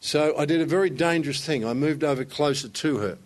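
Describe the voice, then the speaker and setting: An older pastor preaches a sermon in a fairly high-pitched male voice at a slightly quick pace. He tells stories with strong emphasis, building up to raised, fervent passages of growing intensity.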